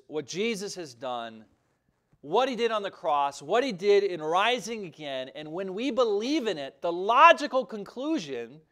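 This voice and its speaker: A man preaches to his congregation with a high voice that climbs and swoops. He talks emphatically and conversationally, dropping in asides as he goes. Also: a bit bright. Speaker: pastor. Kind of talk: sermon.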